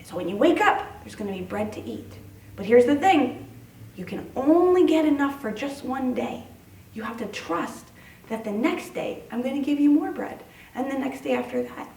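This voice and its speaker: A woman voicing a calm, reassuring God making a promise in a children's Bible story. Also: high-pitched, moderate pace, echoey room, distant mic, a little hiss or hum.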